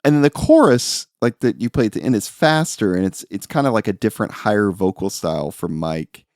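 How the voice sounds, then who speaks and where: A man's voice: fairly low pitch, animated, a little fast, darkish tone, no room sound, studio quality. A man co-hosting a casual music podcast, analyzing songs and thinking aloud with many fillers. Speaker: podcast co-host.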